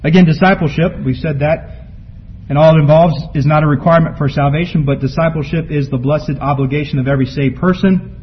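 A man preaching a sermon from scripture, building to emphatic peaks and then dropping low and quiet. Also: fairly even intonation, a little fast. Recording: muffled lo-fi recording with faint background noise.

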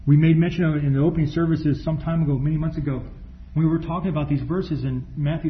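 A fairly high-voiced man preaching in a church. He reads scripture at a deliberate pace and drags out single words for emphasis. The recording is a little dull, with faint room noise behind him. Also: fairly even intonation. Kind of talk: sermon with scripture reading.

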